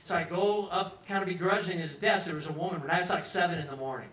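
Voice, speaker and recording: At an open mic, a man tells a long comic story to a pub crowd in a rambling, conversational style, acting out what people said. His high voice is a bit bright, very fast and fairly even in intonation. The sound is roomy and live, picked up from a distance in the pub.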